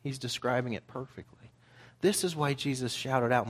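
A man's voice: medium pitch, moderate pace, husky. A man preaching a sermon, reading scripture aloud and explaining it in plain, conversational terms.

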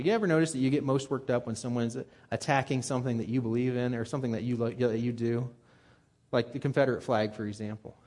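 Talking straight to his audience, a pastor gets worked up during an animated, conversational sermon, his medium-pitched voice moving at a quick pace.

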